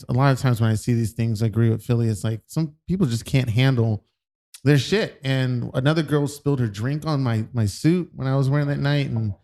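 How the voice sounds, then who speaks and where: Rambling podcast co-host, laughs a lot. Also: male voice, medium pitch, a little mellow. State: voice cracking. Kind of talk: casual podcast chat.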